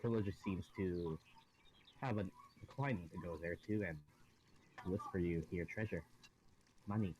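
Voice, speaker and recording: A man's voice: deep voice, normal speed, pauses often, noisy background. A man narrating as dungeon master, rambling and correcting himself as he goes. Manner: rambling, self-correcting, often laughing. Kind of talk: narrating a tabletop game.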